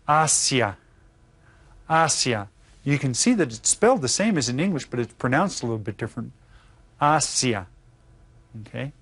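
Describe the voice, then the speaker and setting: A man teaching an elementary lesson, patient and slow, repeating words and checking in with his students. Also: medium pitch, no room sound. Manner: patient, explains slowly with repeats and check-ins. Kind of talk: classroom lesson.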